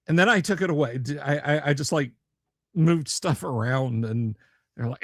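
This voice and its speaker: A man's voice: fairly high pitch, moderate pace, dry recording. A man hosting a casual live stream from a home studio, rambling and joking with viewers, with stammering restarts. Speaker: livestream host.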